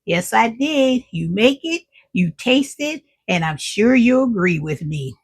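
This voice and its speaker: A woman's voice: a little high, very animated, measured pace, gravelly, breathy edge. A middle-aged woman hosting her own cooking vlog, chatting with viewers while she tastes her food. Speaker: cooking vlogger. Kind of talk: casual cooking vlog chat.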